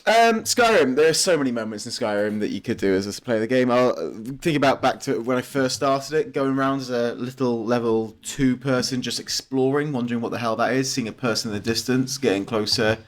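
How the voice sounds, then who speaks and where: Man podcast co-host, mid-pitched voice, rambling anecdotes, chuckles a lot. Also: brisk, few pauses. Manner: rambling anecdotes broken up by laughter. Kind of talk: casual gaming chat.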